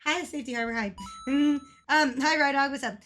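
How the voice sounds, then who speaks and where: A woman's voice: high voice, brisk, a bit bright, faint music behind. A woman livestreaming a game who chats casually with her viewers, greets them by name, swears freely and laughs constantly. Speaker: streamer.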